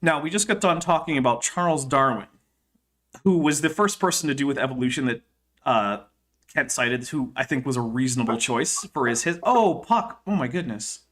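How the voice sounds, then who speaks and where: A man's voice: medium pitch, expressive, normal speed, fairly bright tone. A man hosting a casual livestream, joking and reading a text aloud with chatty asides. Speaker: host.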